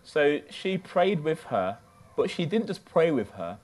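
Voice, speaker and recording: A man's voice: a little high, sing-song, measured pace, darkish tone. A man preaching a sermon from the United Kingdom, telling a personal story in a loose, conversational way.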